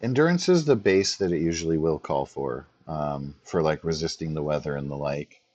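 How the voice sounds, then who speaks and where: A man running a tabletop game as game master, explaining rules in a relaxed way. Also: extremely low pitch, normal speed, no room sound, highs cut off.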